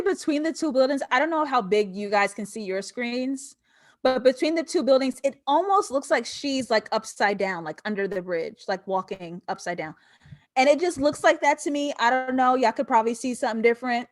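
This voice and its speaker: A young woman hosting a live film breakdown, chatting casually and profanely with her viewers and laughing often. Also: fairly high pitch. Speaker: host of a film breakdown show. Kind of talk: casual live-stream commentary.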